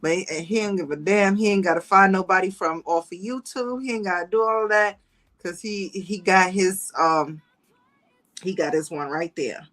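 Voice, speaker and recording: A woman's voice: normal speed, poor audio. Chatty woman gossiping on a livestream. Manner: animated storytelling, acts out quotes in higher voice, laughs often. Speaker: livestream host. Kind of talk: casual gossip chat to viewers.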